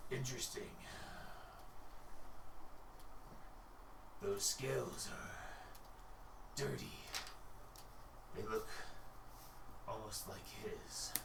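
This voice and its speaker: Man voicing hulking scaled guard for a tabletop game: low, hushed menace, roomy and distant. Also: fairly even intonation, normal speed, gravelly, hardly any pauses, a little hiss or hum. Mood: menacing. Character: huge bulky scaled male guard in heavy plate armor. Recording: echoey room, mic at a distance.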